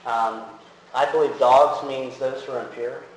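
A man's voice: mid-range voice, steady tone, moderate pace. A man giving a casual, conversational sermon, with many fillers and restarts as he talks to the congregation. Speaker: preacher. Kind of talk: casual sermon with audience quiz. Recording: very echoey hall with faint ambient noise.

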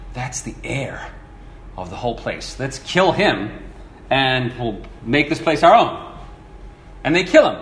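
Animated male preacher in an echoey room. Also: a little high. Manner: animated storytelling, acts out quoted voices. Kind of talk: sermon teaching. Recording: echoey room with faint ambience.

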